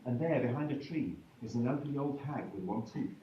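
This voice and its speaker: Brief: male live storyteller, playful and chatty, mid-pitched, heard from afar in a roomy hall with dull sound. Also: brisk, slight background noise. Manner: playful, chatty, breaks off to joke with the audience. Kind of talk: live comic storytelling to an audience. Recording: echoey room from far, dull sound with faint music.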